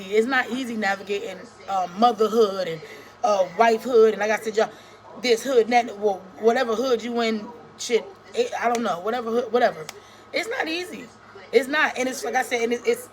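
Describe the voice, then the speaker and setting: She has a high voice and talks bluntly, swearing often and restarting sentences as she goes. She is a woman in her thirties, a small-time YouTuber speaking straight to her viewers. The talk is a casual vlog rant. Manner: fired up, blunt and profane, with lots of restarts.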